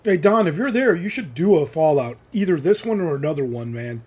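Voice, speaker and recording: A man's voice: fairly high pitch, expressive, a little fast, a little mellow, breathy edge. A man streaming a game live, giving casual, chatty commentary and often saying "man".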